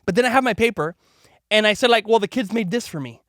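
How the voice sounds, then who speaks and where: A man hosting a podcast, telling a story to his daughter in a chatty, animated way, full of "like" and "right?", and acting out the voices of the people in it. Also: high voice, fast, no echo. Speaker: podcast host.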